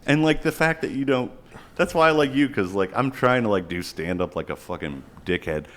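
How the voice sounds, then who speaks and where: A man's voice: mid-range voice, expressive, a little fast. A man in his forties, a podcast co-host, ranting profanely in casual chat and slipping into quoted voices. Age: 40s.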